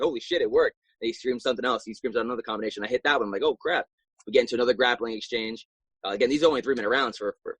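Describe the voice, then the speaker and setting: Fast-talking husky young man. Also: fairly low pitch, no room sound, rough recording. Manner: animated storyteller, acting out his own past reactions. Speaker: guest, professional fighter. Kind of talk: casual storytelling interview.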